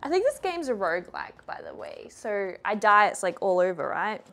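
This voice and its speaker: A young woman streaming a game, commenting live in an excitable, exclaiming way with frequent laughter. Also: medium pitch, moderate pace, background noise. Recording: game sounds loud in the background.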